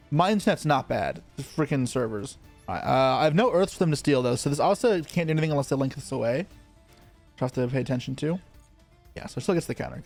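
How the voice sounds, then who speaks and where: A man giving live commentary on his card game, thinking aloud in quick, muttered asides as he plays. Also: medium pitch, gravelly, darkish tone.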